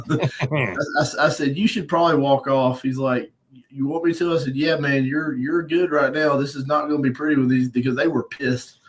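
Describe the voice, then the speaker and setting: A man telling a rough story in casual chat, blunt and profane, laughing at himself. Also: medium pitch, fairly even intonation, moderate pace, rough recording. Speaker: podcast host. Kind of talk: casual storytelling on a live stream.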